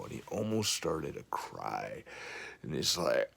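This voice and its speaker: A man's voice: extremely low pitch, sing-song, unhurried, creaky, fairly bright tone, breathy edge. A man who coaches fitness, giving an earnest, rambling motivational talk to camera, full of "you know" and "I mean" fillers. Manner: earnest, rambling, many 'you know' fillers.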